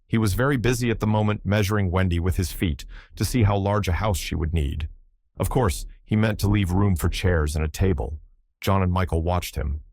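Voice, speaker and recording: A man narrating a classic children's story in a measured storytelling manner. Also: deep voice, a little mellow, dry recording, clean studio sound. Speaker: audiobook narrator. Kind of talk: scripted narration.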